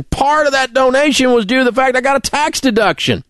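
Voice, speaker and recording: A man's voice: extremely high pitch, fairly quick, few pauses, fairly bright tone, clear, resonant tone, no echo, clean studio sound. A middle-aged man, hosting a talk radio show and delivering an angry, indignant rant full of name-calling. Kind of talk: ranting talk radio monologue.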